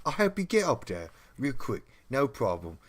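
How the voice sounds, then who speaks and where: A man's voice: mid-range voice, wildly swooping pitch, moderate pace, voice pushed up. A man voicing a cheeky, eager young man with a Cockney accent. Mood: cheery. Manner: chirpy, breezy.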